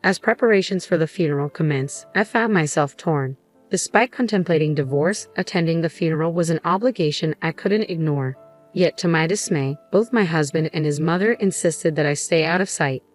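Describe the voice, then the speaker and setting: Woman, story narrator, low pitch, measured reading, faint music bed. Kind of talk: first-person story narration.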